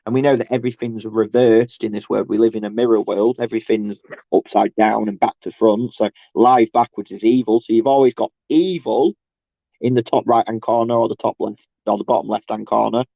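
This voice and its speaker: A man rambles through a casual livestream rant, stopping and restarting his thoughts and slipping into sarcastic mocking bursts. His voice is dark and mellow. The recording is dull and lo-fi, with a dry, close sound. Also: steady tone, creaky, no echo. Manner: halting, restarts often, mocks others in sarcastic high bursts.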